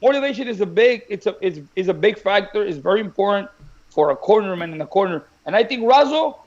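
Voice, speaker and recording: A man who trains boxers, telling stories in a lively way in a casual chat, often restarting his sentences. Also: high voice, fast, dull audio. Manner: animated, tells stories with repeats and restarts. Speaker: boxing trainer.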